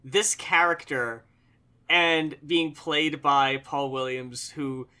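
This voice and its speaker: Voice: medium pitch, fairly even intonation, slow, bright, forceful tone, clear, resonant tone. A co-host in a casual film review chat, enthusiastic and rambling, swearing casually. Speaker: co-host of a movie review show.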